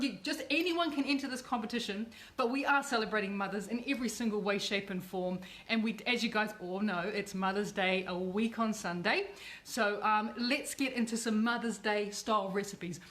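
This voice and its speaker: A woman's voice: on the high side, fairly bright tone. A woman hosting a chatty livestream cooking demo, bubbly and effusive, often repeating herself. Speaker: cooking show host.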